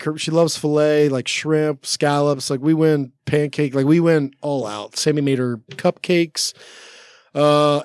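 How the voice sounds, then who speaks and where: A man's voice: on the high side, dry recording. A man in his forties, a podcast guest in the studio, telling personal stories in a rambling casual way, full of restarts and "like" fillers. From United States. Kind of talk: casual storytelling chat. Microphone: studio mic.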